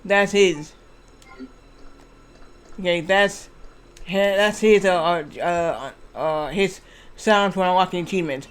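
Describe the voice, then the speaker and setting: Male game streamer, higher-pitched voice, loose rambling delivery, curses casually. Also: takes it slowly, pauses often, fairly bright tone, clear, resonant tone. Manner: rambling, restarts, swears freely. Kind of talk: casual gameplay commentary.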